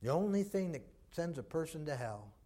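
A man's voice: on the high side, big pitch swings, brisk, warm tone. A man preaching a sermon, telling the story in a folksy way full of "boy" and "uh".

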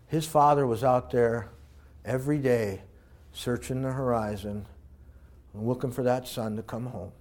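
A man preaching a sermon with strong emotion, swinging from loud exclamations to hushed, tender passages. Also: medium pitch, a little slow.

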